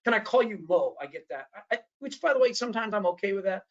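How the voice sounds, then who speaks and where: A man's voice: high voice, big pitch swings, quick pace, highs cut off. A man presenting a training workshop in a lecture style. He talks animatedly, often restarts his sentences and acts out the voices of the people he quotes.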